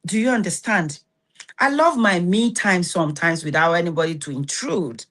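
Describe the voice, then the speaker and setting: A woman's voice: fairly low pitch, normal speed, fairly bright tone. Blunt Nigerian woman giving self-help advice. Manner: blunt, scolding advice with rhetorical check-ins. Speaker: host. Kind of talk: motivational self-help talk.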